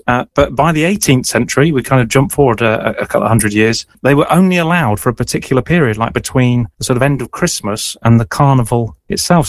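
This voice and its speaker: A man's voice: medium pitch, no echo. A man hosting a radio show, chatting casually with a guest and running a playful quiz, with lots of fillers and hedges.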